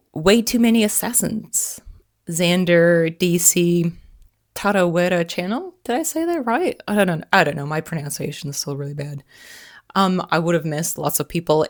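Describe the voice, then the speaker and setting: A woman's voice: on the low side, no room sound, clean studio sound. An American woman around forty hosting a casual vlog outdoors by the sea, talking in a playful, self-mocking way. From United States. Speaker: vlogger host.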